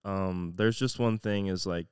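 A young man from Florida speaks in a lowish, smooth voice on a podcast. He thinks out loud, hesitant and reflective, filling pauses with "like". The recording is dry and close. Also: dry recording. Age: young adult. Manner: hesitant, reflective, many "like" fillers. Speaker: podcast co-host. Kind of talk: casual chat.

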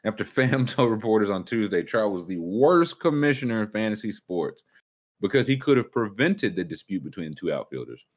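A man's voice: on the low side, sing-song, fairly quick. A man hosting a casual sports chat, joking and mock-incredulous. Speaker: show host.

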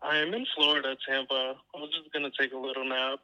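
A man's voice: medium pitch, flat delivery, quick pace, bright, forceful tone, highs cut off. A man from Puerto Rico, a fan taking a call, sleepy and polite and amazed.

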